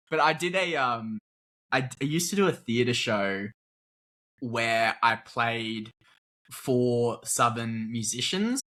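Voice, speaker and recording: Bright-voiced Australian man, easygoing. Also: mid-range voice, expressive, takes it slowly. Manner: laughs often, easygoing, rambles. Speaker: actor, guest. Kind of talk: casual interview chat.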